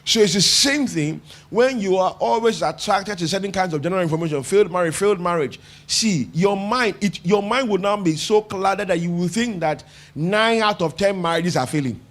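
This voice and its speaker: A man's voice: high voice, moderate pace, fairly bright tone. A man with a Nigerian English accent preaching a sermon as pastor, talking conversationally, asking the congregation questions and repeating phrases for emphasis.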